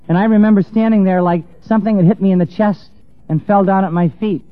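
High-voiced man telling an impassioned story. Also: steady tone, brisk, no echo. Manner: impassioned, stammering, swings from hushed to raised. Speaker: speaker telling a personal story. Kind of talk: emotional personal storytelling to an audience. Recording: tinny lo-fi dry recording with faint music.

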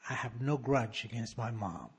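A man in his sixties telling a personal recovery story to an audience in an animated, wry, emphatic way. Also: medium pitch, normal speed, breathy edge. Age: 60s. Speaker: speaker sharing a recovery story.

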